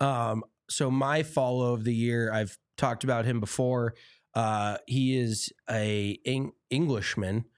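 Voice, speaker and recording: Easygoing male co-host, mid pitch, chatty delivery, dry close-miked sound. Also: steady tone, takes it slowly, clean tone, dry recording. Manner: chatty, easygoing, filler-heavy. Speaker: podcast co-host. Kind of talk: casual chat.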